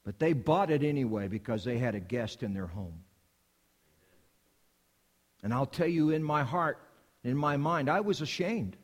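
A man preaching a sermon in a high, lively voice that climbs and falls as he drives each point home. He hammers on repeated phrases. His voice trails into the long reverb of a church hall. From United States. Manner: emphatic, repetitive preaching cadence. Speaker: preacher, missionary.

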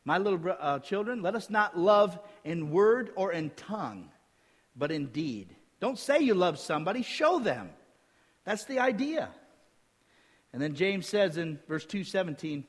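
A male pastor preaching a sermon, reading scripture aloud and acting out little dialogues in a lively, emphatic way. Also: high-pitched, measured pace, slightly rough. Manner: animated preaching, quotes scripture, acts out dialogue. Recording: reverberant hall.

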